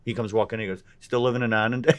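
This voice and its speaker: A comedian talking on a casual podcast, launching into anecdotes with plenty of restarts. His voice sits at an average pitch for a man. He builds each story with energy. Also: very fast. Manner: animated, trips over his words.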